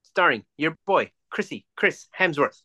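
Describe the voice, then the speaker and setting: A man co-hosting a podcast, chatting casually, swearing freely and ranting in quick bursts. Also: fairly high pitch, lively intonation, bright, forceful tone. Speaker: podcast co-host. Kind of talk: casual chat.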